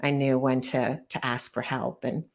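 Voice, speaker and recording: A middle-aged woman, a guest author, recounting painful memories in an earnest, measured way during an interview. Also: extremely low pitch, little pitch movement. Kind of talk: personal storytelling interview.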